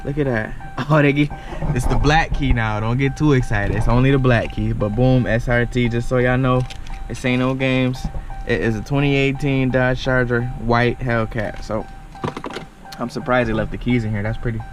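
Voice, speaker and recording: A man doing a casual car walkaround for his vlog, excitable and slangy, talking straight to viewers. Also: mid-range voice, moderate pace, faint music behind. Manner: loose, slangy, excitable, talks to viewers as y'all. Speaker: car vlogger. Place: indoor car dealership showroom. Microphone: handheld camera with small on-camera mic.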